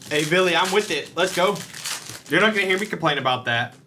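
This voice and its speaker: A man's voice: a little high, expressive, fast, bright, forceful tone, a little hiss or hum. A man co-hosting a live card break, tossing in casual sports comments. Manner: chatty side comments. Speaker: co-host.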